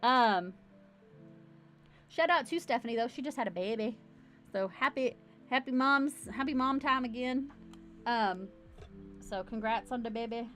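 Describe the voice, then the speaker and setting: A woman's voice: fairly high pitch, measured pace, long pauses, fairly bright tone, soft background music. A woman hosting a casual livestream from home, chatting in a bubbly, rambling way straight to her camera. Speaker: livestream host. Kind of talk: casual live-stream chat.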